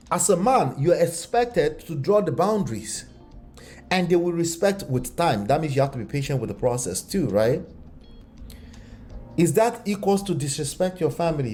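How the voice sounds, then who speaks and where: Animated man firing rhetorical questions. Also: a little high. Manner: animated, rhetorical questions, slips into acted voices. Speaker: relationship commentator. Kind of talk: reaction commentary.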